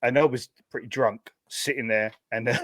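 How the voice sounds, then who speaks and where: A man's voice: mid-range voice, moderate pace, a bit bright, dry recording. A man co-hosting a podcast in casual chat, telling a story and laughing at himself. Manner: chatty, self-mocking, laughing at himself. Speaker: podcast co-host.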